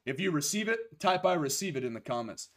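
Hoarse young man preaching a live-streamed sermon. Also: fairly high pitch, animated, a bit bright. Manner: emphatic, slows and stresses key phrases, greets viewers by name. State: losing his voice.

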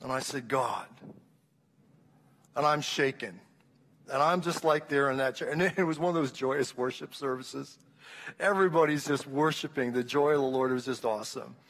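A man's voice: medium pitch, a little fast, a bit bright, in a large hall. A man around sixty, a pastor, gives an impassioned sermon testimony, telling his story with frequent restarts. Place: church hall.

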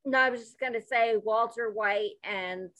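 A woman co-hosting a podcast, playful and excitable in casual comedic chat. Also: fairly high pitch, moderate pace, no room sound. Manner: playful, excitable, exclaims often. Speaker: podcast co-host.

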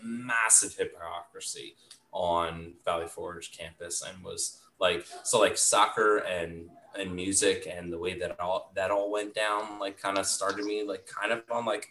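A man's voice: low voice, fairly even intonation, a little slow, pushed and bright. A man casually telling a story in a rambling way, full of "like" fillers. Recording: echoey room.

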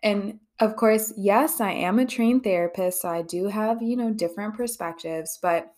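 A woman's voice: medium pitch, normal speed, darkish tone. A woman therapist hosting her own podcast, talking candidly and conversationally, with frequent swearing. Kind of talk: casual podcast monologue.

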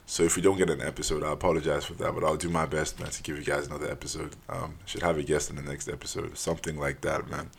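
A man's voice: extremely low pitch, level tone, fast talker, creaky, hardly any pauses, slightly rough. A young man hosting his own podcast, talking alone in an earnest, casual way, often saying "man" and restarting his sentences. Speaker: podcast host. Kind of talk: solo podcast monologue.

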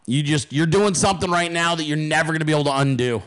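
Male host, slightly high voice, angry profane rant, emphatic. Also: quick pace, few pauses, fairly bright tone. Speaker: podcast host.

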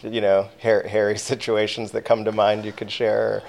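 A man hosting a casual interview, soft-spoken, mostly giving short listening replies. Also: fairly low pitch, monotone, moderate pace, vocal fry. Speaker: interview host.

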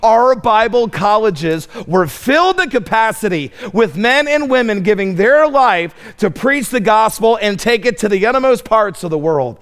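A middle-aged man preaching a fiery camp sermon, impassioned, telling comic stories and shouting at the peaks. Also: sits high, big pitch swings, moderate pace, few pauses. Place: camp meeting room.

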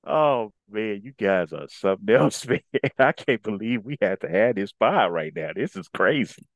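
A man's voice: on the low side, lively intonation, normal speed, dry recording. A man co-hosting a casual podcast, laughing often as he fires playful trash-talk back at a rival player. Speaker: podcast co-host.

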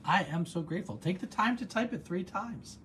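A man's voice: high-pitched, expressive, moderate pace, fairly bright tone, a little hiss or hum. A man hosting a casual live gratitude practice, chatty and encouraging, reading out viewers' comments and wandering into side stories. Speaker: host and coach leading a live online session.

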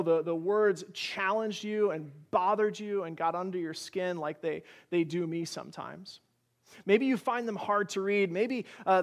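A man preaching a sermon as pastor, earnest and pleading, asking one rhetorical question after another and sharing gentle personal stories. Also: sits high.

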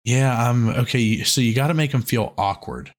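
A man's voice: mid-range voice, moderate pace. A man co-hosting a podcast, chatting casually and rambling through crude jokes. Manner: crude joking, rambling storyteller. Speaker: podcast co-host. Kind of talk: casual chat.

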